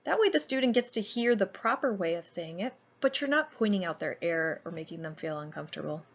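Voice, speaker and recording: A young adult woman giving an educational presentation, explaining clearly in an upbeat way and stressing key words. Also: fairly low pitch, expressive, quick pace, highs cut off.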